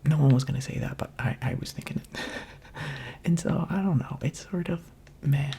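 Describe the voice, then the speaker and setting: A man speaking in a soft, mostly unvoiced whisper, giving chatty, rambling, playful ASMR commentary while he plays a video game, close to the microphone. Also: a little high, moderate pace, gravelly. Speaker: gaming ASMR creator.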